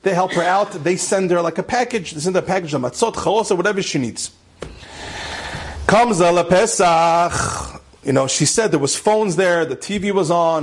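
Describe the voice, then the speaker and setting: A man, a rabbi, tells an inspirational story with mounting passion and sprinkles in Hebrew and Yiddish terms. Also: husky. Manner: impassioned, climbs higher and louder at emotional peaks. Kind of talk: animated storytelling lecture.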